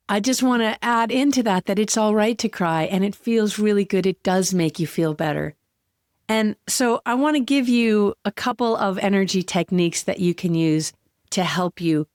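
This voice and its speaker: A woman hosting a solo podcast, talking in a heartfelt, earnest way and slowing down on emotional words. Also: medium pitch, clean tone, no room sound, clean studio sound. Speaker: podcast host.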